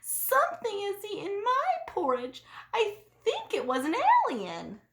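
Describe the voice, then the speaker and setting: A woman voicing a tiny, excitable boy bear cub in a storybook read-aloud, squeaky and eager. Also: a little slow, reverberant, exaggerated voice. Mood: excited. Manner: squeaky, wide-eyed and eager.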